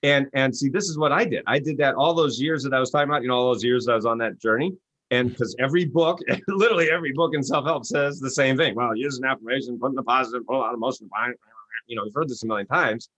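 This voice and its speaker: Guy coach telling stories in an interview, lively, does little voices for quotes, dry close mic. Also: fast talker, dry recording, dull audio. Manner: animated, acts out quotes with rising pitch. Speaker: author and success coach. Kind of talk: interview guest storytelling.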